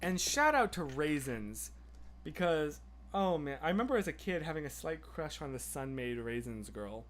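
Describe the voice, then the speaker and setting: A man hosting a casual livestream, chatting and answering viewer comments in an excitable, rambling way. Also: fairly high pitch, normal speed, slight background noise. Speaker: livestream host.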